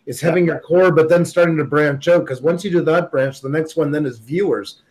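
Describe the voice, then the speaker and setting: A man chatting as a guest on a live stream over a video call, enthusiastic and quick when he gets going. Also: on the high side, poor audio. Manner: enthusiastic, talks fast when excited. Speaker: guest creator. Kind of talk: casual live stream chat.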